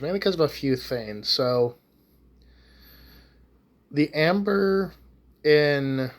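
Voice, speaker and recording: A man's voice: mid-range voice, fairly bright tone. A young man ranting casually to camera, rambling with lots of swearing and false starts. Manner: profane, rambling, with many restarts and fillers. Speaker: YouTube ranter.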